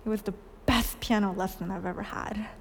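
A woman preacher giving a sermon, telling stories and asking questions, with soft hushed lines for quoted words. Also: mid-range voice, steady tone, brisk, a little hiss or hum. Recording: long hall reverb.

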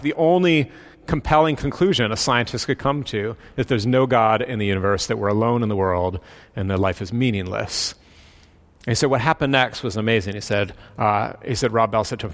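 A man's voice: medium pitch, moderate pace. Conversational man preaching a sermon. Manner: conversational, relaxed storyteller with fillers. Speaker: pastor. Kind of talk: sermon storytelling.

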